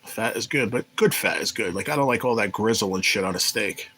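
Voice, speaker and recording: Bright-voiced profane male streamer. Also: lowish voice, fairly quick, slight background noise, low-quality recording. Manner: rambling, profane, reads chat aloud. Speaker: livestream host; former restaurant cook. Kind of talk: casual live chat storytelling.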